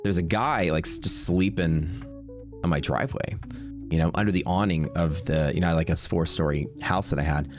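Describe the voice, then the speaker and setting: A man with a low voice tells stories on a livestream in a loose, rambling way, restarting his sentences and filling gaps with "like" and "um". Faint music plays behind him. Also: moderate pace. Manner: rambling, laid-back, full of fillers and restarts. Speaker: streaming day-trading host. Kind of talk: casual storytelling on a livestream.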